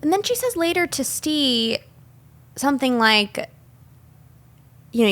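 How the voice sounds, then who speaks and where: Woman podcast co-host, lively pitch, casual film chat, small room mic. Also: brisk, long pauses. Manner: animated, recounting scenes with quoted lines. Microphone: studio microphone.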